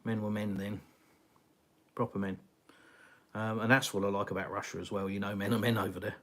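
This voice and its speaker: A man's voice: fairly low pitch, level tone, a little fast. A middle-aged man from England hosting a casual live chat, reading viewer comments in a rambling way, with many fillers and sighs. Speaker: live stream host. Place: home, in Russia.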